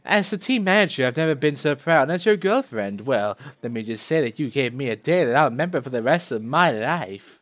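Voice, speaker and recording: A man's voice: medium pitch, expressive, brisk, few pauses, a bit bright, no room sound, lightly acted. Man doing a lovesick schoolgirl voice. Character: lovesick middle school girl writing a letter.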